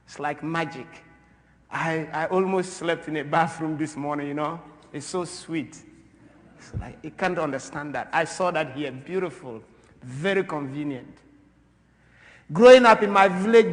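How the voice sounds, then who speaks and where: A man from Ghana addresses a church gathering with a fairly high voice. His delivery is animated, rising to loud, emphatic bursts and dropping to quiet asides. The long reverb of a large church hangs on every phrase. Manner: animated, swings from loud to soft. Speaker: speaker at a church. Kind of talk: impassioned talk.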